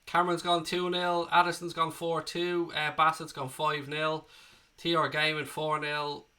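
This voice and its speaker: An Irish man with a cold hosts a live fan stream and reads out viewers' comments in a loose, chatty way, calling people mate and dropping the odd swear word. His voice sits fairly high and sounds very bright and forceful. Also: flat delivery, measured pace. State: has a cold. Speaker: livestream host reading chat. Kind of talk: casual live chat.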